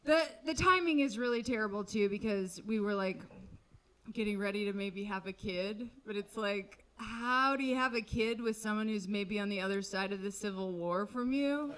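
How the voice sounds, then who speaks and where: A woman's voice: mid-range voice, normal speed, a bit bright. A woman doing a stand-up comedy set on a comedy club stage, wry and conversational with sarcastic asides.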